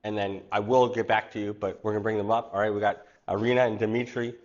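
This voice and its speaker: A man's voice: on the low side, level tone, fast, lo-fi sound. Chatty man hosting an online cooking class. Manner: chatty, rambling storyteller. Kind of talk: casual livestream class chat.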